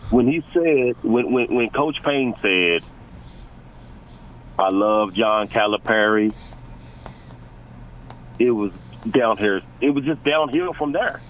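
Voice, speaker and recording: A man calling into a sports radio show, ranting excitably and stumbling over repeated words. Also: medium pitch, measured pace, phone-quality sound, slight background noise. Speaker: caller.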